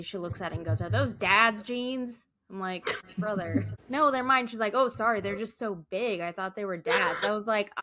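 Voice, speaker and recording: A woman in her thirties co-hosts a casual podcast chat. She tells stories in a chatty, exasperated way. Her voice sits at an ordinary middle pitch. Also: pushed and bright, slight background noise. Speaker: podcast co-host.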